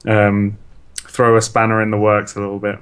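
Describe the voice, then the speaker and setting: A man's voice: lowish voice, monotone, normal speed, fairly bright tone, smooth. Chuckling man. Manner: thinks aloud with frequent chuckles. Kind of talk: casual chat.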